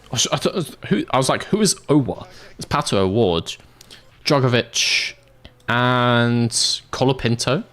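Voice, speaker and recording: A man's voice: mid-range voice, animated, unhurried, a bit bright. A British man streaming a game, chatting casually with viewers, laughing often. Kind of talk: casual livestream chat.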